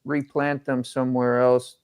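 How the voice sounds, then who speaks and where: A man's voice: medium pitch, level tone, unhurried, a little mellow, clean tone, dry recording, poor audio. A man hosting a casual live stream chat, rambling and reminiscing.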